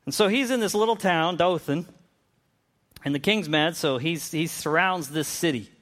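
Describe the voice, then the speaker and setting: A man's voice: on the high side, normal speed, fairly bright tone. A man preaching a conversational sermon, often restarting phrases and acting out the people in the stories. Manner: conversational, with frequent restarts and acted-out quotes.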